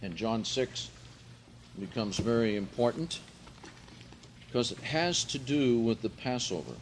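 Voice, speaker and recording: A man preaching a sermon, reading scripture aloud and explaining Greek words, rising in pitch and volume for emphasis. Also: expressive, a little slow, slight background noise.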